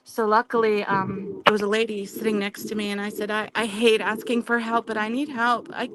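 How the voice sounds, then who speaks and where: A woman's voice: mid-range voice, level tone, a little fast, crowd noise, low-quality recording. A woman hosting a knitting chat stream, telling a long personal story in a rambling way with restarts.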